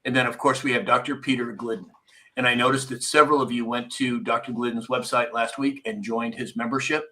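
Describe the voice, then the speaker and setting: A man hosts a live stream in a bright, crisp voice. He rambles casually, chats with his crew and reads viewer comments aloud. His pitch sits in an ordinary middle range. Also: fairly even intonation, a little fast. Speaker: live stream show host.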